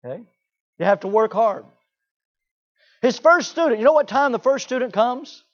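A man preaching a sermon in an animated way, often mimicking the people he talks about. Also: very high voice, moderate pace, muffled recording. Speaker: pastor.

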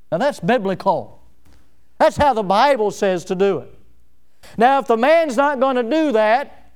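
A pastor preaching a sermon to his congregation in church. He repeats key phrases and swings from loud, forceful peaks down to low, quiet lines. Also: smooth.

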